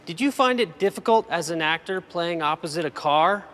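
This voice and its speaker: A man's voice: a little high, animated, moderate pace, fairly bright tone, big-room sound. A man playing a polite, eager fan asking a question in a comedy sketch.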